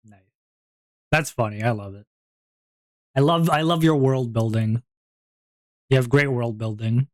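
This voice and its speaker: A man's voice: mid-range voice, expressive, takes it slowly, long pauses. A man streamer chatting casually with his viewers, rambling, with many fillers and restarts. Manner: laughs at his own jokes.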